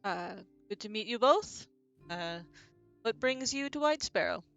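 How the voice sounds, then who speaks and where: A woman's voice: a little high, animated, measured pace, fairly bright tone, soft background music. A woman as a guarded, weary sheriff.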